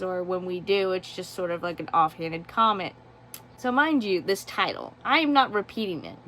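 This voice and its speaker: A woman's voice: medium pitch, fairly bright tone, a little hiss or hum. A woman giving a casual book review, sarcastic and exasperated.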